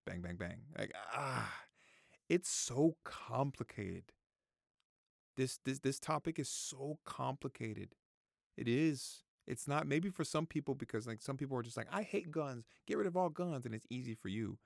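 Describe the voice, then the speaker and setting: With a mid-range voice, vocal fry, and animated but measured delivery, this man in his thirties vents his opinions in a casual vlog. He keeps repeating himself, curses liberally, and fights back tears, all in studio quality with no room sound.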